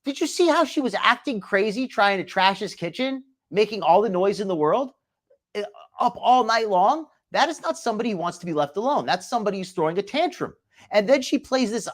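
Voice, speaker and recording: Animated man commenting live on clips. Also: high-pitched, fairly quick. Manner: incredulous, critical, lively. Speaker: host.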